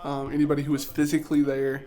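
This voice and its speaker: A man co-hosts a morning show and answers in a measured, thoughtful way. His voice is fairly high for a man. His delivery stays flat, with little rise and fall. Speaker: co-host. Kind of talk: casual chat.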